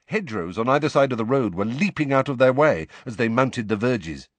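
A man reading a story aloud as an audiobook narrator, with expressive storytelling. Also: medium pitch, brisk, no echo. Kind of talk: scripted narration.

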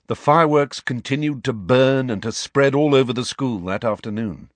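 A man's voice: mid-range voice, normal speed, hardly any pauses, dry recording. A man narrating a storybook audiobook expressively and voicing every character himself. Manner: expressive, plays all characters.

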